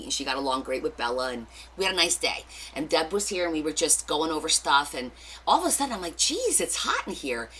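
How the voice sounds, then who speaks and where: A woman's voice: deep voice, sharp tone, husky. A middle-aged woman with a New Jersey accent, hosting a craft livestream, chatting casually and greeting viewers by name with rambling asides.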